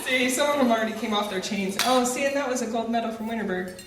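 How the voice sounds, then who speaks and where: A woman's voice: fairly high pitch, fast talker, recorded from a distance, heavy background noise. A woman giving a motivational speech, telling a personal story with humor and direct lines. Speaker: motivational speaker. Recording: roomy echo, voice off mic.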